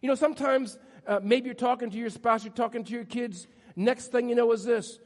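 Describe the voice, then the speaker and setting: Male pastor, playful storytelling preacher, higher-pitched voice, long reverb from the room. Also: moderate pace. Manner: humorous storytelling, self-deprecating. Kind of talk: sermon. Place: church sanctuary.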